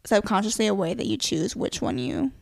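A woman's voice: mid-range voice, lively intonation, fairly quick, gravelly, a little mellow, no echo. A young adult woman chatting casually with friends, rambling and giggling as she talks. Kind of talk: casual chat.

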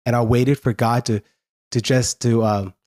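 A man telling his life story as a guest in an interview, earnest and halting, often restarting his sentences. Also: mid-range voice, fairly even intonation, a little mellow.

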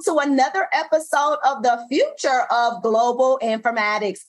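A woman with a high, bright-sounding voice hosts a podcast with bubbly, folksy greetings. Faint music plays under her voice. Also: normal speed, few pauses. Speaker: podcast host. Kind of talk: upbeat podcast hosting.

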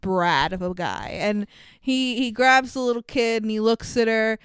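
Smooth, lively woman swearing her way through a recap. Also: on the high side, unhurried, no room sound. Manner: animated, profane, laughs often, acts out quotes. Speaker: podcast co-host. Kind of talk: casual movie recap chat.

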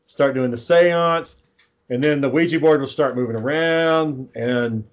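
Rambling, profane man pitching a film. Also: measured pace. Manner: rambling, profane, acts out quoted lines. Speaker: amateur filmmaker pitching a script. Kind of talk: casual chat.

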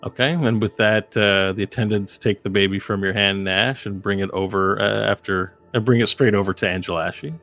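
A man's voice: on the low side, fairly even intonation, fairly quick, hardly any pauses, fairly bright tone, faint music behind. A man running a tabletop game as game master, describing scenes in a meandering way with many fillers.

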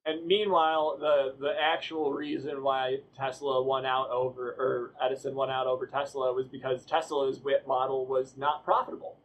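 A man's voice: mid-range voice, little pitch movement, moderate pace, hardly any pauses, breathy edge, dull audio. A man co-hosting a podcast in casual chat, making wry asides and laughing often. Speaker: podcast co-host.

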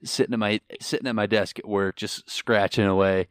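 Lower-voiced man gushing in casual podcast chat. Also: fairly even intonation, brisk, clean tone, dry recording, studio quality. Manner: enthusiastic, rambling, gushing. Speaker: podcast co-host.

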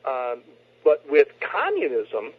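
A man's voice: mid-range voice, wildly swooping pitch, slow, breathy edge, dry recording. A man, a guest on a talk show, explaining his views earnestly over a phone line and often restarting his sentences. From United States. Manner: earnest, lecturing, frequent restarts. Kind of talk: opinionated interview talk. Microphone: telephone.

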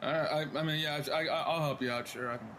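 A man's voice: on the high side, fairly even intonation, quick pace, noisy background. A man playing a tabletop role-playing game, talking hesitantly with stammering restarts. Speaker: player. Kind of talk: tabletop role-play chat.

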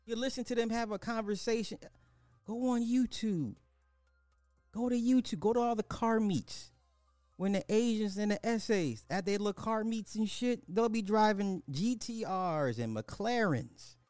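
A man hosts a social commentary podcast, speaking bluntly and often repeating rhetorical questions. His voice sits high and sounds clear and resonant, with no echo.

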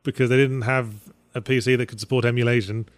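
Deadpan English man, dry sound. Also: mid-range voice, fast talker, no room sound. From England. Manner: deadpan, spins absurd stories. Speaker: podcast co-host. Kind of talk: casual chat.

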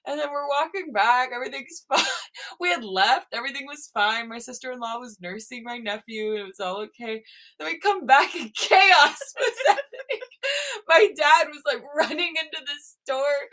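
A woman in her twenties, a podcast co-host, telling a story in a giggly, animated way full of "like". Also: high-pitched, normal speed. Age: 20s. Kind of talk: casual chat.

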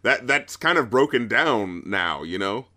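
A man's voice: on the low side, expressive, a little slow, sharp tone. A man with a Southern US accent hosting a podcast, chatting casually and rambling with lots of fillers. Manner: rambling, heavy on fillers like "you know what I mean". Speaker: podcast host.

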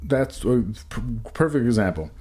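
A man's voice: medium pitch, sing-song, normal speed, warm tone. A man co-hosting a podcast in casual banter, rambling and profane, often trailing off and restarting sentences. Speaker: podcast co-host.

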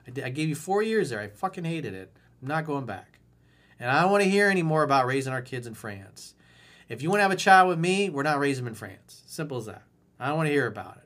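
A man's voice: medium pitch, sing-song, fast, a bit bright. A man coaching viewers on their relationships, with a voice in the middle of the usual range. He talks bluntly and with swagger, swearing freely. He often acts out firm lines for the listener to repeat. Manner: blunt, emphatic, profane and swaggering, acting out lines to say. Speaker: dating coach. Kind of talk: video coaching, answering viewer emails.

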